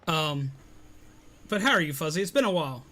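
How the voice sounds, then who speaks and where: A man casually chatting on a live stream, answering viewers, rambling with fillers and quick to laugh. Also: a little high, sing-song. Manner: rambling, many fillers, laughs easily, greets viewers loudly.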